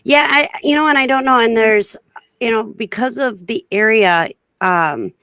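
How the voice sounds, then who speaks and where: A woman's voice: fairly high pitch, normal speed, fairly bright tone, no echo. Rambling woman telling a story, dry sound. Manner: rambling with many fillers and restarts. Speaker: co-host of a reselling live show. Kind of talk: casual storytelling chat.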